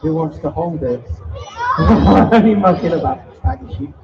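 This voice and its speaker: Over a noisy crowd, this high-leaning, animated, slightly slow voice belongs to a man presenting invertebrates at a live family show in an event hall. He jokes and theatrically teases the children, captured on distant, dull live-stream audio with faint noise.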